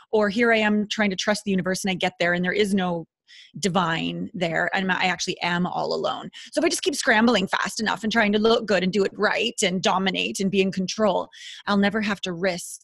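A woman guest on an interview podcast, talking in an earnest, expressive, spiritual way with sudden bursts of emphasis. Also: medium pitch, gravelly, no echo, studio quality. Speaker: guest intimacy expert.

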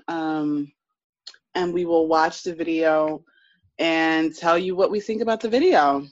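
A woman's voice: low-pitched, measured pace, no room sound. Chatty woman podcaster, dull lo-fi sound. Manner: chatty, animated storyteller. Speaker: podcast co-host. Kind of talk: casual podcast chat.

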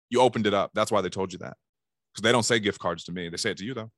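A man's voice: fairly low pitch, racing, a bit bright, dry recording, studio quality. A man giving casual sales coaching, talking animatedly and acting out phone calls in bursts. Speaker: sales trainer.

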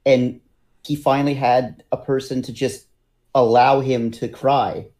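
A man with an average-pitched voice joins a casual podcast chat. He speaks earnestly and sometimes slows down to stretch his phrases out. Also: level tone, darkish tone. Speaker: podcast co-host.

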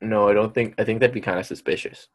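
A young man casually reading odd news stories aloud to a friend, playful, with dramatic pauses and goofy wordplay. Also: fairly low pitch, steady tone.

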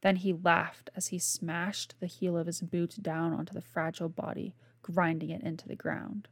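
Woman reading her novel, low and gravelly. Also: level tone, normal speed, hardly any pauses, no echo. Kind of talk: scripted narration.

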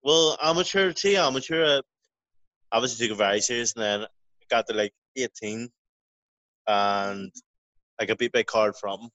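A man's voice: mid-range voice, moderate pace, long pauses, a bit bright, no room sound. A man who is a professional boxer, guest in an interview, telling rambling stories with lots of swearing and restarts. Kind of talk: casual storytelling interview. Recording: dry, dull lo-fi audio.

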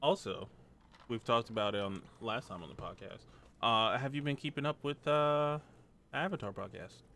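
A man's voice: mid-range voice, moderate pace, gravelly, bright, forceful tone. A man co-hosting a podcast in casual, joking banter about shows and movies. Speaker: podcast co-host. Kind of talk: casual chat.

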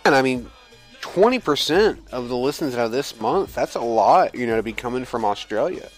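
A man's voice: medium pitch, animated, brisk. Man, podcast co-host, casual chat, boastful joking, faint background music. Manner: jokey, boastful trash talk.

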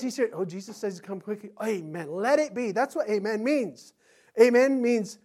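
Middle-aged male pastor, animated sermon delivery, acts out voices, chuckles. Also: high voice, moderate pace.

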